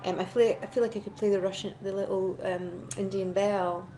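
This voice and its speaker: A woman's voice: mid-range voice, steady tone, fairly quick, background noise. A woman in a chatty, rambling and self-deprecating casual chat to camera, answering fan requests as an actress.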